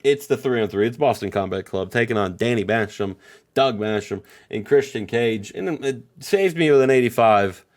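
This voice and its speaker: A man's voice: mid-range voice, animated, normal speed. A man co-hosting a casual let's-play, recapping match results in an easygoing way. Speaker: co-host.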